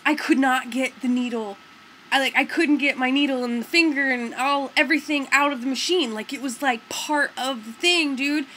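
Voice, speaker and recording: Young woman vlogger, bright tense voice, somewhat high, rambling, lots of fillers, faint background hum. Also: rough recording. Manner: rambling, filler-heavy, says "like" and "dude". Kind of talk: casual storytelling to camera.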